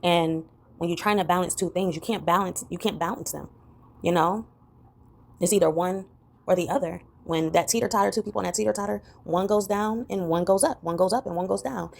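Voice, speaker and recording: Low gravelly-voiced woman vlogging. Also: fairly quick. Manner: rambling, many "you know" fillers. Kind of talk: reflective personal vlog talk.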